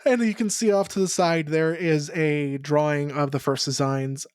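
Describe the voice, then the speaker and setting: Low-voiced, deadpan woman podcast co-host. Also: moderate pace, clean tone, no room sound. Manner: laid-back, swears casually, dry deadpan asides. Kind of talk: casual recap chat.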